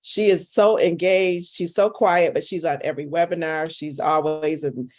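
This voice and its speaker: A woman's voice: sits low, fairly even intonation, normal speed, darkish tone, dry recording, studio quality. A woman giving an emotional, affectionate tribute on an online call. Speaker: panelist. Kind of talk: heartfelt tribute.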